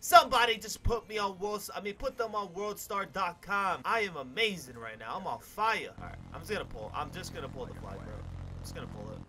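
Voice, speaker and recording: Young male gaming commentator, high bright voice, loud and boastful. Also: sing-song, a little fast, vocal fry, a little hiss or hum. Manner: hyped, cocky, swears a lot, sudden yells. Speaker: gaming YouTuber. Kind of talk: gameplay commentary.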